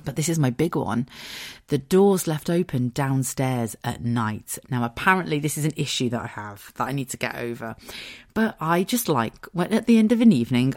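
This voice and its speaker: A woman's voice: deep voice, darkish tone. A woman hosting a casual solo podcast, talking candidly and swearing freely while poking fun at herself. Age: adult. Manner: candid, self-mocking, sweary. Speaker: podcast host.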